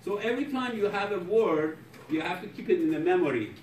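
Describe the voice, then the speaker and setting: A programming professor with a non-native English accent lectures his class and jokes with students in broken English. His voice sits high and is a little mellow, with lively intonation and a brisk pace. The recording picks him up from far off in an echoey, noisy classroom.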